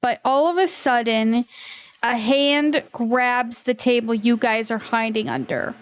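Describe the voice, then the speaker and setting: A woman runs a tabletop fantasy game, narrating scenes at an unhurried pace. Her voice sits fairly high, and she drops into other characters' lines as she goes. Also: animated, clear, resonant tone. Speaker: game master.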